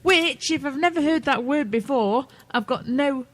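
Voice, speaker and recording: A woman's voice: high voice, lively intonation, moderate pace, a bit bright. A British woman co-hosting a casual radio chat, laughing often and swearing freely. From Britain. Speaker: co-host.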